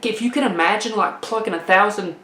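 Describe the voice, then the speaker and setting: A woman's voice: medium pitch, fairly quick, reverberant. Folksy woman telling a comic story. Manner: folksy, animated, laughs through the story. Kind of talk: comedic personal storytelling.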